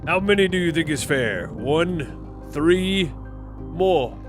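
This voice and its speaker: A man voicing a steady ship captain in a video game, speaking in a calm, commanding way. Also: fairly high pitch, slow, music in the background.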